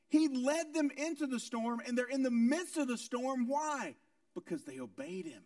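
A man with a high voice preaches a sermon, driving his points home with rhetorical questions and repetition. He swings from loud, raised lines to hushed, low ones. The sound is dry and picked up from a distance. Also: dry recording. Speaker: pastor.

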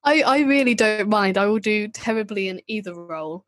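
A woman's voice: mid-range voice, animated, normal speed, a bit bright, no echo. Enthusiastic woman podcast co-host. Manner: enthusiastic, self-deprecating. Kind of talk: casual chat about a TV show.

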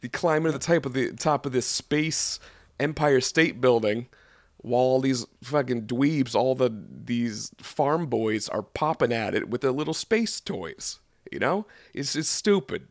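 A man's voice: mid-range voice, a little slow, no echo. Profane ranting man, dry sound. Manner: profane, animated storytelling with sound effects. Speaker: podcast co-host. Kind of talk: casual episode review rant.

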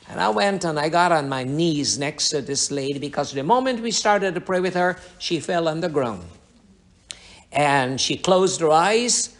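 A male preacher telling a story from the pulpit in a somewhat high voice. He rambles and circles back, repeating phrases as he builds his testimony. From Guyana. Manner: rambling, repetitive testimony with restarts. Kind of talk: sermon storytelling.

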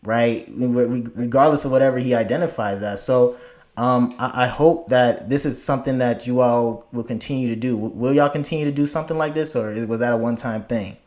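A man from Africa talking casually in a conversation, emphatic and animated, laughing often and restarting his sentences. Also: medium pitch, brisk.

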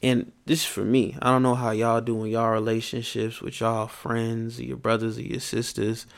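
A man's voice: medium pitch, monotone, moderate pace, creaky. A man hosting his own podcast, telling a story in a casual monologue and ranting with plenty of profanity. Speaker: podcast host.

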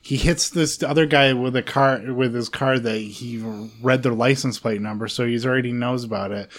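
A man on a casual podcast chat, ranting in a rambling, profane, animated way with lots of "like" fillers. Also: mid-range voice, moderate pace.

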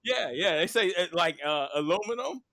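A man hosting a podcast, talking in an animated, rambling way in casual chat. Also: medium pitch, moderate pace, dry recording, studio quality. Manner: animated, rambling, lots of fillers and laughs. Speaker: podcast host.

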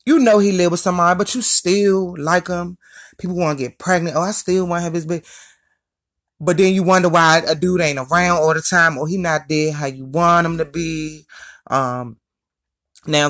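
A young woman in a casual, profane rant, blunt and mocking as she calls out her listeners. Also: on the low side.

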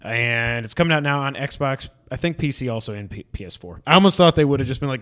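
A man's voice: medium pitch, animated, quick pace, a bit bright. A man co-hosting a casual podcast chat about movies and games, rambling and tossing in jokey asides. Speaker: podcast co-host.

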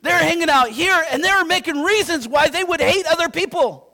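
A man from Yakima preaching a sermon as pastor, animated and conversational, checking in with his listeners. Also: very high voice, normal speed. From Yakima, Washington. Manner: animated, conversational, keeps asking "right?". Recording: long reverb in a hall.

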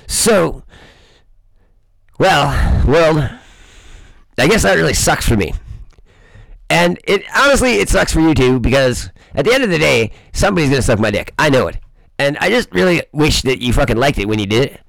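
Male host, raspy, talks fast and rambles through a profane comic rant. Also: medium pitch, no echo, low-quality recording. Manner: rambling, swearing constantly, boisterous. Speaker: host of a crude comedy show. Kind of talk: profane comedic monologue.

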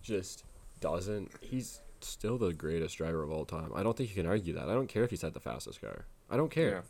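Male podcast co-host, low voice, animated and opinionated. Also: brisk, creaky. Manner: animated, opinionated, laughs easily. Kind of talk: casual chat.

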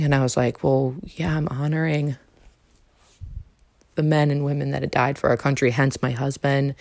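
A young woman from Canada hosting a podcast, retelling a bad date in a casual, animated and indignant way. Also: creaky, no room sound, clean studio sound. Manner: animated, indignant retelling with rising pitch and laughs. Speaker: podcast host. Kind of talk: casual storytelling monologue.

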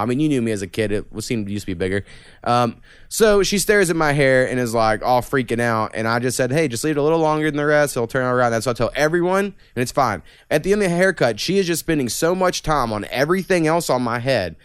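A man's voice: medium pitch, clean tone, dry recording, studio quality. A young man hosting a podcast, rambling through stories with lots of swearing. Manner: profane, rambling storytelling. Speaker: podcast host. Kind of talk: casual podcast chat.

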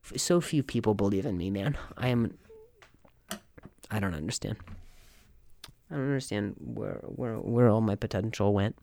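A man hosting a comedy podcast, delivering an animated, mock-serious monologue full of stammers and restarts. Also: fairly low pitch, moderate pace, creaky, long pauses, dry recording. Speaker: podcast host.

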